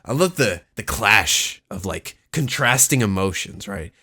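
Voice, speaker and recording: Excitable young man reacting, swearing. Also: lowish voice, unhurried, breathy edge, faint music behind. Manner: excitable, profane and slangy. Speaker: reaction video host. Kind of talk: casual reaction commentary. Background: song playing faintly.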